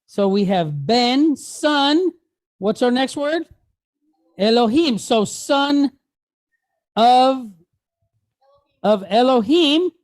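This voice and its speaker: A woman's voice: high voice, expressive, drawn-out words, long pauses, darkish tone. A woman teaching a language lesson to a class, patiently spelling out sounds and quizzing her students with frequent "right?" checks. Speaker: Hebrew teacher.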